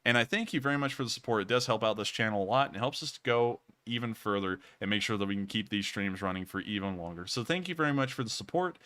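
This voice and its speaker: A man hosting a casual livestream and answering viewer donations. He deliberately pushes his voice higher to keep his delivery lively. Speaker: livestream host reading donations.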